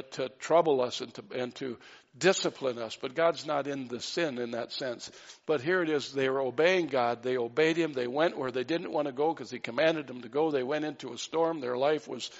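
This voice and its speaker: Male preacher, slightly high and gravelly, earnest sermon, dull recording in a reverberant church hall. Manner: earnest, emphatic, with fillers and restarts.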